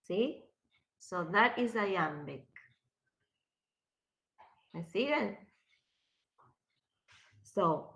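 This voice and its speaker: Slow, bright-voiced woman teacher. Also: medium pitch, lively intonation, gravelly, lo-fi sound. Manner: slow and questioning, switches to Spanish. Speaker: literature teacher. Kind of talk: classroom lecture.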